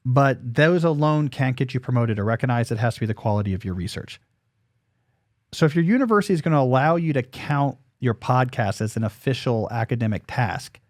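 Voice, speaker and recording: A man's voice: mid-range voice, no echo. Man hosting an advice podcast, dry sound. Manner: explanatory, thinking aloud. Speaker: podcast host.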